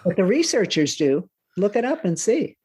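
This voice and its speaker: A woman's voice: mid-range voice, big pitch swings, moderate pace, a little mellow, husky. A woman interview guest who founded a parenting program, giving earnest, emphatic advice. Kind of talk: conversational interview.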